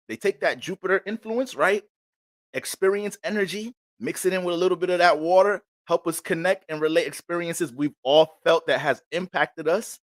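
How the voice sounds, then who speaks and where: A man hosting an astrology livestream, talking in a loose, slangy, animated storytelling way. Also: fairly high pitch, dry recording, studio quality. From Bronx, New York. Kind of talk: casual livestream chat.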